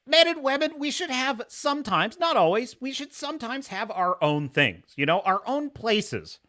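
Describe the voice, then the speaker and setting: A man's voice: very high voice, very animated, normal speed, sharp tone. A man hosting a casual livestream, talking animatedly, laughing often and reading chat comments aloud. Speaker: livestream host.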